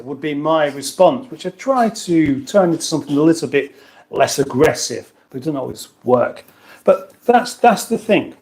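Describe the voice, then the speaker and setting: A man's voice: a little high, lively intonation, normal speed, darkish tone. A British man chats through his livestream in a slightly raised voice, reading out viewer comments as he goes. His talk rambles, full of restarts and side remarks. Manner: rambling, chatty, with many restarts and asides. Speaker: livestream host.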